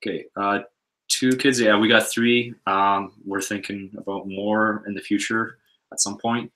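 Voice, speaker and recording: A man with a Canadian accent co-hosting a live stream, reading viewer comments and chatting in a relaxed, hesitant way. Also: on the low side, normal speed, low-quality recording. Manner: easygoing, hesitant, lots of fillers.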